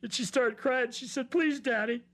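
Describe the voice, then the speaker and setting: A man's voice: medium pitch, moderate pace, fairly bright tone, close to an everyday voice. A man acting as a stressed father confiding in a therapist, with a mid-range voice. He halts, restarts and repeats his words as he explains his drinking. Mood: agitated. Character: stressed middle-aged father who drinks, defensive. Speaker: therapy client. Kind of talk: simulated therapy session.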